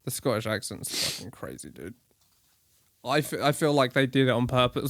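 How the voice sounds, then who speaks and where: A man's voice: medium pitch, animated, moderate pace, vocal fry, no room sound. An Englishman co-hosting a podcast, chatting casually in a crude, joking, rambling way. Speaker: podcast co-host. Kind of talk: casual chat.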